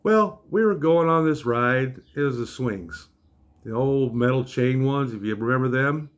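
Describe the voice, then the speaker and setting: A man's voice: mid-range voice, measured pace. An older man, a grandfather, tells a comic story with a wry, exasperated manner.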